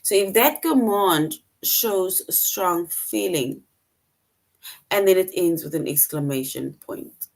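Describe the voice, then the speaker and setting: A woman's voice: lowish voice, expressive, slow pace, creaky. A young woman teaching children online, patient and step by step, acting out the example sentences as she explains. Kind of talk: online grammar lesson for children.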